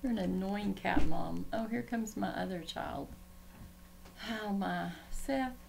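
A woman's voice: mid-range voice, takes it slowly, creaky, a little mellow, a little hiss or hum. A woman chatting casually in a home vlog, rambling and easily sidetracked as she talks. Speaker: Christian vlogger. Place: home room.

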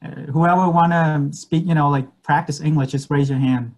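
A man teaching medical English in an online class, patiently repeating words slowly and switching languages. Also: a little high, steady tone.

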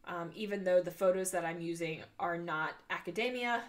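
Speaking at normal speed in a voice on the low side, a congested woman in her forties hosts a scrapbooking video. Breathing through her mouth, she gives a chatty, meandering crafting voice-over peppered with ums.

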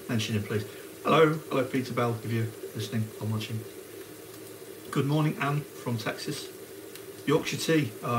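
There's background noise from sizzling onions while a man with a medium-pitched voice cooks live on stream. He keeps the chat relaxed and greets his viewers by name.

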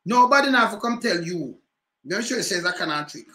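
High bright Jamaican man ranting. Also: brisk, reverberant. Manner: animated patois ranting, repeated rhetorical questions. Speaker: commentator. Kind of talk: livestream political commentary.

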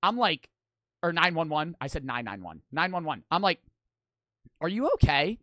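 A man's voice: a little high, big pitch swings, normal speed, pushed and bright, no echo. A young man streaming, telling a story casually, rambling and swearing a lot.

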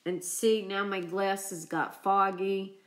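A woman vlogger chatting on a live stream, emotional and choked up from crying, talking haltingly with many restarts. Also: mid-range voice, flat delivery, a bit bright. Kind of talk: casual live-stream chat.

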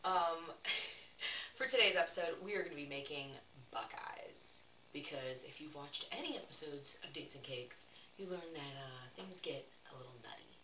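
Young Southern woman from Texas, low and chatty, vlog host; distant, roomy, noisy recording. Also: moderate pace. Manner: chatty, laughing, playful asides. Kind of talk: casual storytelling while baking. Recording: echoey room, voice from a distance, background noise.

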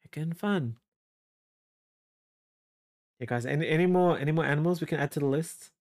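An artist with an Australian accent chats on a livestream while drawing, with a voice of middling pitch. The talk is loose and friendly, jumping up in excitement when reading viewers' messages and dropping to low muttering while working. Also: moderate pace. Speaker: artist streaming a drawing session. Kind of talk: casual livestream chat.

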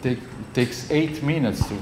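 A man's voice: mid-range voice, unhurried. A male university professor with an Italian accent giving a classroom lecture, conversational and checking in with the class often. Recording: echoey lecture hall, faint noise.

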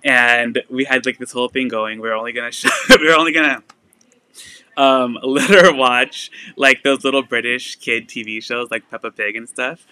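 A young man hosting a casual live sale stream, chatting loosely with lots of fillers and quick laughs. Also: medium pitch, fairly even intonation, pushed and bright, smooth, no echo.

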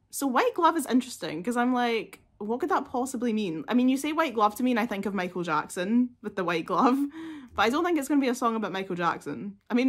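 Woman, reaction vlogger, casual chat, gushing, filler-heavy, mid pitch. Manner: chatty and gushing, many fillers.

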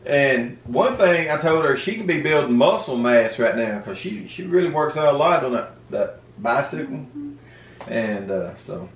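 A man's voice: mid-range voice, big pitch swings, normal speed, a little hiss or hum. A man chatting casually to camera in a joking, playfully indignant way. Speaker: homestead vlogger. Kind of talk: casual family chat to camera. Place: home room. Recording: echoey room, mic at a distance.

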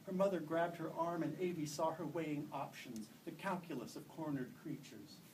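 A male author reading his own fiction aloud at a live event, in steady, measured narration. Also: fairly high pitch, recorded from a distance, a little hiss or hum, rough recording. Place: event room.

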